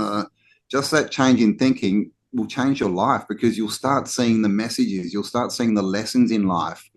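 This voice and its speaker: A man's voice: on the low side, normal speed. A man co-hosting a podcast, talking casually and animatedly, often restarting with "you know" and acting out mock complaints. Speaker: podcast co-host. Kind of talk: casual conversational talk.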